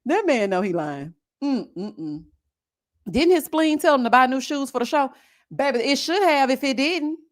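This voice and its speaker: A woman chatting casually about a reality show, sassy and animated, calling people honey and mocking them with impressions. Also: high voice, moderate pace. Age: adult with a son. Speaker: live-stream reality show commentator.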